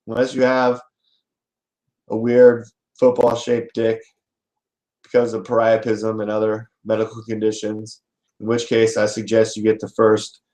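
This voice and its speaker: A man's voice: fairly low pitch, low-quality recording. A man hosting a show, telling a crude joke in a loose, rambling way with lots of profanity. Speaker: show host. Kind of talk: comic storytelling.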